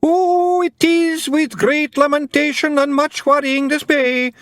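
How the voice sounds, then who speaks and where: A man's voice: very high-pitched, fairly even intonation, unhurried, a bit bright, no room sound, studio quality, pitched above the performer's own voice. A man voicing a tiny, theatrical male pixie poet who declaims mournful rhyming verse in a groaning wail. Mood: theatrical lament.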